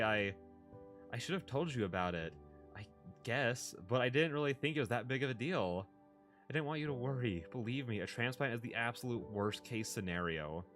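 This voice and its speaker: A man reading a story aloud, voicing a young adult brother who is quick, laughing and apologetic. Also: medium pitch, a bit bright, lightly acted. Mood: soothing.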